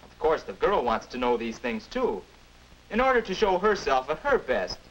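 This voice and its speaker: A man's voice: on the high side, moderate pace, muffled recording, slight background noise. An earnest young man, teaching. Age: young adult. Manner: earnest, instructive, lively. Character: friendly young man, future self, patient teacher. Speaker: narrator and guide. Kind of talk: 1950s educational film narration.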